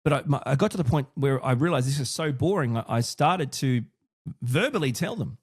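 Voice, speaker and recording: Man, podcast host, casual solo talk, animated pitch, mid-range voice, frequent restarts. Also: a little fast, husky. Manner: thinks aloud, with many restarts and asides.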